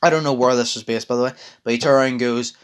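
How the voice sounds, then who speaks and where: A man's voice: medium pitch, steady tone, fast, clear, resonant tone. A young man in a casual chat, recounting a long story in a rambling way, swearing freely and full of fillers and restarts.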